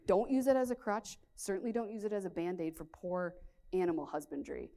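Casting: plain-spoken woman farmer, slightly low voice, conference presenter, frank and practical. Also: fairly even intonation, brisk, gravelly, warm tone. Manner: candid, frank, many "um" fillers. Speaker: pig farmer giving a conference talk.

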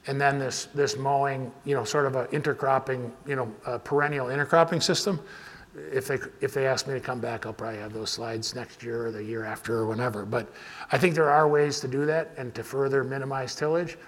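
A man's voice: medium pitch, fairly even intonation, brisk. A man, a farmer giving a conference talk in a casual, rambling way with frequent restarts. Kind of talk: conference presentation with audience Q&A. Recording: hall reverb.

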